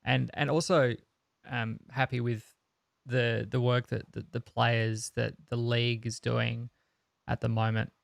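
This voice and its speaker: A tech podcast co-host chats casually in a gravelly, medium-pitched voice, taking his time. His fairly flat delivery is earnest and opinionated, packed with ums and restarts, and the sound is close and dry with no room sound.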